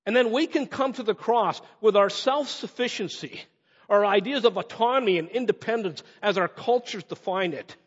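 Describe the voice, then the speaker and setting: A man preaching a sermon with animated delivery, slowing down for emphatic phrases and speeding through quick asides. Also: sits high, slightly rough. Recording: muffled sound in a reverberant hall.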